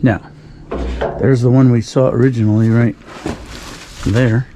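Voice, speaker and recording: Casting note: man, mid-pitched, dry sarcastic vlogger rambling outside at night, steady background noise. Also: a little slow. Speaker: dumpster-diving vlogger. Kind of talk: casual night vlog narration. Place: outdoors at night by dumpsters. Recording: outdoor recording with clear background noise.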